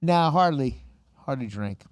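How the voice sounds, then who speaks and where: A man chats in an easygoing way and mostly chimes in with short replies. His voice sits at a middle pitch. The recording is dry and close, with no room sound. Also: animated, unhurried, dry recording. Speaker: podcast co-host. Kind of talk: casual chat.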